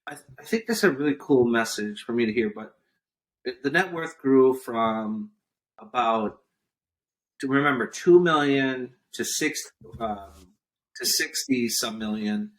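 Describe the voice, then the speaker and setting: A man talks through a story as a podcast guest. His pitch sits in an ordinary middle range. He plays out the lines of others as he goes. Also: unhurried. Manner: animated storyteller acting out quotes. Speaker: guest entrepreneur. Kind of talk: storytelling interview chat.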